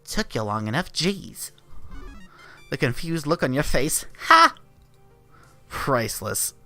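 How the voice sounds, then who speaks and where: A man voicing a young woman crossplaying as a butler, brisk and teasing, while reading a visual novel aloud. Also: a little high, big pitch swings, sharp tone, soft background music, pitched above the performer's own voice, heavily acted.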